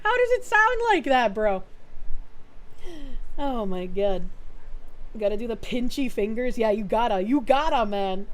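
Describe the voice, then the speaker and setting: An American woman streaming casually, reacting excitably, swearing and laughing often. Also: on the high side, a little slow, long pauses. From United States.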